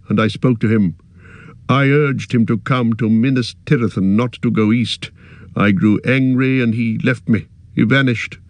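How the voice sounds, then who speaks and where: Casting: man as a brooding warrior, slow and heavy, low voice. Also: no echo, lightly acted. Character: proud troubled male warrior, brooding and evasive. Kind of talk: audiobook character voice.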